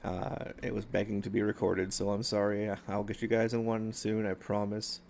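A middle-aged man talking casually to his viewers in a rambling way, with many fillers and warm shout-outs. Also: on the low side, little pitch movement, moderate pace, creaky, a little hiss or hum. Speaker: gaming YouTuber. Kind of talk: casual vlog talk to viewers. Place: outdoors at sunset.

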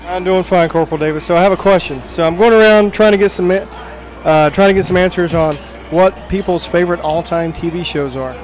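A man's voice: sits high, a little fast. A man roaming a ship asking people questions, jokey and playful, teasing the crew. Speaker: shipboard interviewer. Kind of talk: roving vox-pop interviews.

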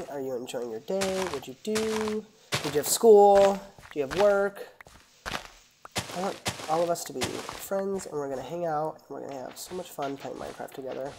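A woman with a notably low voice talks through a casual gaming session. She rambles between what she's doing and friendly asides to her audience. A faint hiss of background noise sits under her voice. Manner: chatty, rambling, talks to viewers. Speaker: gaming channel host. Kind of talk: casual gameplay commentary.

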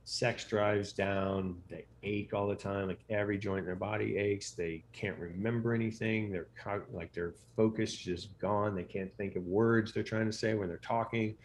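A man's voice: fairly low pitch, fairly even intonation, normal speed, few pauses, slight background noise. A middle-aged American man, a physician guest in an interview, telling stories casually with lots of fillers and restarts. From United States. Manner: rambling, many fillers and restarts.

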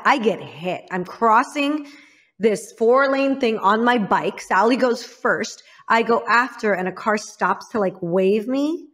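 A woman's voice: a little high, a bit bright. Woman telling a candid personal story. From Illinois, United States. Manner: frank, self-critical, acts out others' lines. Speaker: interview guest.

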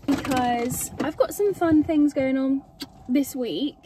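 A woman's voice: high-pitched, takes it slowly, mellow, distant mic, a little hiss or hum. A young woman vlogging on a woodland walk with her dog, bubbly and chatty. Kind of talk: casual outdoor vlog. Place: foggy woods, outdoors.

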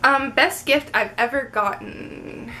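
A woman's voice: high-pitched, slow, pushed and bright, a little hiss or hum. A young adult woman chatting casually in a get-to-know-me Q&A video, upbeat and full of fillers like "um" and "like". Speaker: vlogger.

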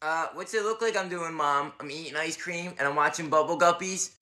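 A man doing a shrill bratty girl star. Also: animated, measured pace, sharp tone, heavily acted. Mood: whiny, bratty. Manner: whiny, demanding, bursts into shrieking tantrums. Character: bratty spoiled girl pop star, childish. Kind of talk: comedy sketch parody.

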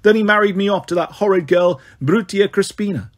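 A man's voice: high voice, fairly quick, lightly acted. A man reading aloud, voicing a spoiled young male Roman prince who complains petulantly. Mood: complaining. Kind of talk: audiobook character voice.

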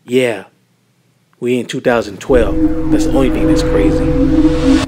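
A man's voice: medium pitch, huge pitch swings, unhurried, heavy background noise. A man voicing a goofy, playful young male turtle in a homemade stop-motion film. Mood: excited.

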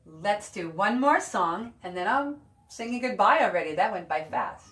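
A woman music therapist leading a preschool class, giving simple, encouraging instructions and mimicking animal sounds. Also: normal speed. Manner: lively, wide swings of pitch and loudness when mimicking animal sounds.

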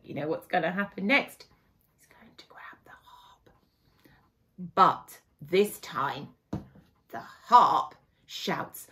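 Expressive woman telling a children's story. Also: fairly low pitch, slow pace, pauses often. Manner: expressive, dramatic, hushed asides.

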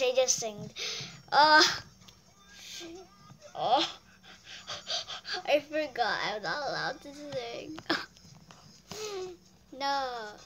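High, bright-voiced woman reacting to clips. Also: lively intonation, extremely slow, long pauses, slight background noise. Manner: exclaiming, reacting to clips with surprise. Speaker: YouTuber. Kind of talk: casual reaction commentary.

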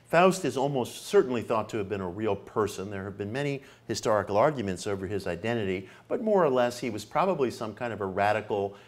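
Male lecturer with a low-pitched voice, earnest delivery that repeats phrases for emphasis, occasional fillers. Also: expressive, fast talker, few pauses. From New York, United States. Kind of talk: public lecture.

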